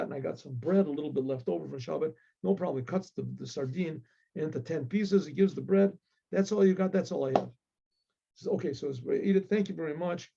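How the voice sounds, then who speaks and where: A man with a gravelly, husky voice tells a story in a loose, animated way, clearing his throat now and then and voicing each character. His tone is dark and mellow. The recording sounds dull and lo-fi. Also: fairly high pitch. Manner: animated, acts out voices with rising emotional pleas; frequent throat clearing and restarts. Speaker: rabbi storyteller. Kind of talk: casual spoken storytelling.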